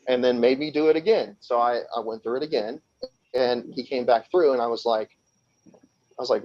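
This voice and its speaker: A man's voice: mid-range voice, wildly swooping pitch, moderate pace, pauses often. Rambling man telling a strange story. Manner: rambling, with frequent restarts and laughs, acting out quoted voices. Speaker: podcast guest. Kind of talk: casual storytelling. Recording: slightly dull lo-fi sound.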